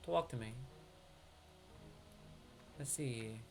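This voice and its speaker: Male streamer, New York accent, mid-pitched voice, chatty live gameplay commentary aimed at viewers. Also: extremely slow, creaky, darkish tone, soft background music. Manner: chatty, talks straight to his viewers.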